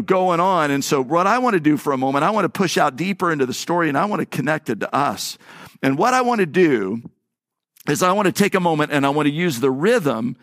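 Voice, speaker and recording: A man's voice: on the high side, fairly bright tone, no echo, studio quality. A male pastor preaching a sermon, telling a story and acting out the voices of the people in it, often repeating words as he restarts a phrase.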